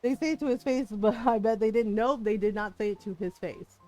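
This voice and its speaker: A woman's voice: on the high side, a little fast, darkish tone, soft background music. Frank, laughing woman streamer. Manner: frank, swears freely, laughs often, retells dialogue animatedly. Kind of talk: casual chat while gaming.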